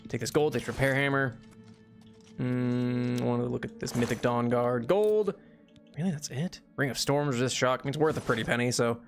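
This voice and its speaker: A young male VTuber streams a video game, chatting casually and rambling, often restarting sentences and laughing. His mid-range voice moves a little fast over soft background music.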